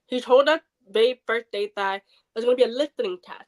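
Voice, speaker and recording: A woman's voice: on the high side, fast talker, rough recording. A woman guest who is hard of hearing, telling a personal story in a podcast interview and acting out what others said. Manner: animated, acts out quoted people.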